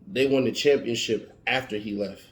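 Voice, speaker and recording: Speaking at normal speed with a medium-pitched voice, a motivational speaker preaches emphatically, repeating his warnings and key points over and over. His voice echoes around a roomy space.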